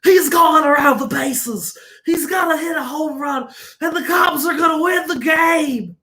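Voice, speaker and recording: Brief: man putting on a shouting veteran baseball announcer, high-pitched and loud. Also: unhurried, full character voice. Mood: ecstatic. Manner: shouting play-by-play. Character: excitable old male baseball radio announcer.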